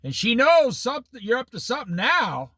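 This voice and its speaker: A man teaching a casual Bible study, animated and folksy, laughing at his own stories. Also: very high-pitched, a little fast, dry recording.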